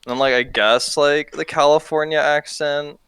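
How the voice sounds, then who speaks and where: A man's voice: a little high, fairly even intonation, normal speed, a bit bright, clean tone, dry recording. A young man chatting casually on a podcast, rambling with lots of filler words. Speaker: podcast co-host or guest. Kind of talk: casual chat.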